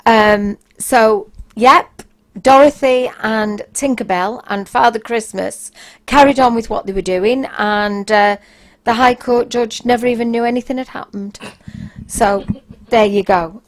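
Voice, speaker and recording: A woman's voice: fairly high pitch, a little slow. A woman, hosting a podcast and telling frank anecdotes in a casual, blunt way, sometimes raising her voice for emphasis. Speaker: podcast host.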